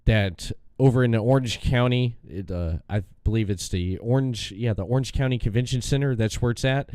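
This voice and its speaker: A man hosting a casual podcast chat, his voice at an ordinary middle pitch. He tells stories with lots of energy, acts out his own rants and laughs often. The sound is dry, with no room echo. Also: normal speed, hardly any pauses, a little mellow. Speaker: podcast host.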